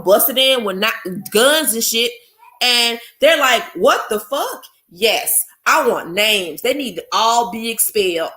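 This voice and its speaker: A woman's voice: fairly high pitch, sharp tone. A woman hosting a live stream, ranting angrily and bluntly with profanity while greeting chat viewers. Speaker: podcast host. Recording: echoey room.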